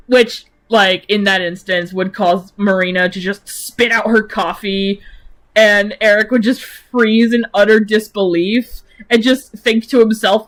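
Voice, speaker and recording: A woman's voice: mid-range voice, slow. A woman streamer chatting casually about her own characters, rambling with lots of fillers and giggling often.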